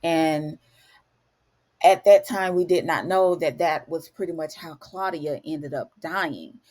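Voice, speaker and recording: A woman with a notably low, deep voice talks through an episode recap for her viewers. She sounds chatty and emotional, filling her retelling with fillers and asides addressed straight to the audience. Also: takes it slowly, darkish tone. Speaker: show recap vlogger. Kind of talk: casual spoken episode recap.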